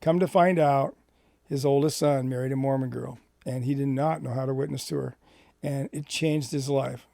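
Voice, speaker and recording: A middle-aged man from Washington State telling a personal ministry story in an animated way, acting out the dialogue. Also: mid-range voice, moderate pace, creaky, no echo, clean studio sound. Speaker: Christian ministry speaker.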